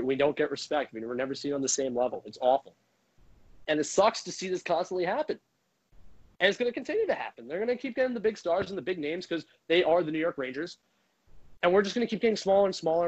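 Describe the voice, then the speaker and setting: A man's voice: on the high side, poor audio. A man delivering a heated, profane sports rant as a frustrated hockey fan, speaking into a microphone. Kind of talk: ranting sports commentary.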